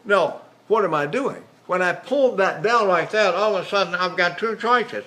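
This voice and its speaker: Older guy voice teacher lecturing on singing, talks kinda high, rambles, keeps demoing sounds. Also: moderate pace, few pauses, sharp tone. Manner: rambling, demonstrative, breaks into vocal exercises and mock posh voices. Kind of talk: vocal technique lecture with sung demonstrations.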